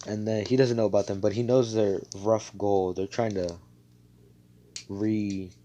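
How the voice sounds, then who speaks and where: A man's voice: lowish voice, fairly even intonation, normal speed, mellow. A man casually telling an improvised fan story over a voice call, rambling and profane, full of fillers and self-corrections. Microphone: computer mic on a voice call.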